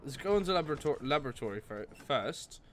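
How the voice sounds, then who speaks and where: A man's voice: medium pitch, animated, fast, slight background noise. A young man giving casual gameplay commentary, jumpy and full of swearing and exclamations. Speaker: gameplay host.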